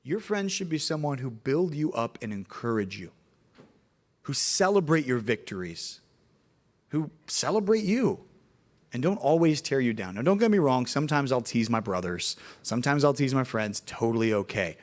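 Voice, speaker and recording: A young man, preaching to middle schoolers in an animated storytelling way. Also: medium pitch, normal speed. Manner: animated storytelling, acts out voices in anecdotes. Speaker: youth pastor.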